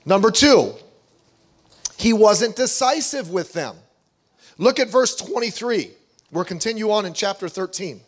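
Middle-aged male pastor, high voice, animated sermon delivery with acted-out quotes. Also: normal speed. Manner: animated, acts out quoted voices, reads scripture aloud.

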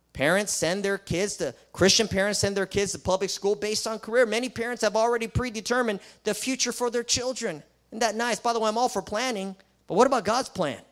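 A man with a high, fairly bright voice, a Christian school principal, preaches an emphatic sermon packed with rhetorical questions and sarcastic asides.

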